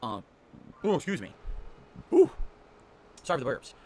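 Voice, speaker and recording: A man's voice: mid-range voice, huge pitch swings, moderate pace, a little mellow, a little hiss or hum. A man, a game streamer, casually running through his streaming schedule in an upbeat, rambling way, often tagging sentences with "okay?".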